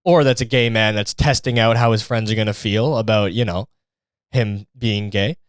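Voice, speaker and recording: A man's voice: on the low side, fairly even intonation, normal speed, clear, resonant tone, no room sound. A young man hosting a podcast, telling stories in a rambling, profane, joking way and mimicking people for laughs. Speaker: podcast host. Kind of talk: casual comedic monologue.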